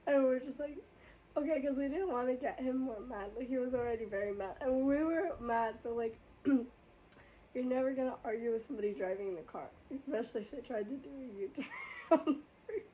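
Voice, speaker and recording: A woman's voice: high-pitched, a little fast, muffled recording, slight background noise. A young woman hosting a casual chat, telling a story with lots of laughter and acted-out quotes. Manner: animated, laughs often, acts out voices in her story. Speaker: podcast host.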